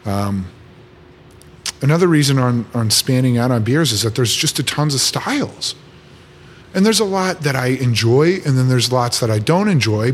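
A man, a brewer, chatting casually in a podcast conversation, relaxed and thinking aloud as he explains how he works. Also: mid-range voice. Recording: faint background noise.

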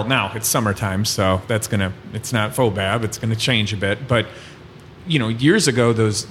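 A man's voice: on the low side, a bit bright. A man talking casually on a podcast, musing with some hesitation as he thinks through his point. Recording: long reverb with faint noise.

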